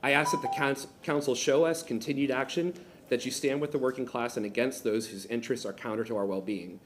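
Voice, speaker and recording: A man's voice: mid-range voice, steady tone, brisk, slight background noise. A man giving an impassioned, militant public comment speech into a podium microphone in a city council chamber.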